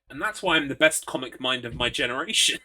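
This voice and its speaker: A man's voice: medium pitch, sharp tone. A man chatting casually while live-streaming a horror game, rambling, swearing and laughing as he greets viewers.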